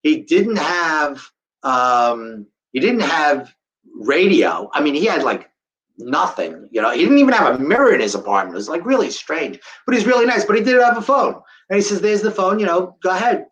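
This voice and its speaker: A middle-aged man recounts a survivor's story before a live audience in a slightly high voice. He tells it with lively energy and drops into the voices of the people he describes. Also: normal speed, rough recording. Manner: animated, acts out the voices of people in his story. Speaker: guest speaker telling a survivor story.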